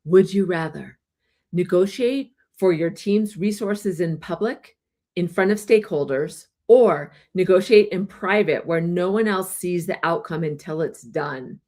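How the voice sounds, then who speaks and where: A woman co-hosting a casual podcast chat, relaxed and easy to laugh, reading questions aloud. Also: fairly low pitch, measured pace. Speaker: co-host.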